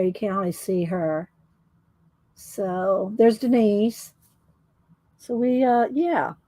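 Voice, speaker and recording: A woman's voice: mid-range voice, dark tone, no room sound. A woman hosting a casual livestream, chatting in a rambling way and thinking aloud as she shows her work. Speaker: livestream host showing her art.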